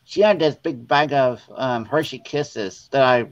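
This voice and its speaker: A man, a guest on a casual crafting chat, telling funny stories in a lively way and acting out the voices of the people in them. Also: mid-range voice, a little slow. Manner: animated, acts out quoted voices. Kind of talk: casual storytelling. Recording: dull lo-fi sound.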